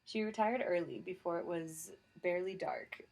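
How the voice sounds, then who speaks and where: A woman reads a novel aloud in first person, with a wry, dry storytelling manner. Her voice sits a little low for a woman. The delivery is steady, scripted narration. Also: normal speed, creaky. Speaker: audiobook narrator.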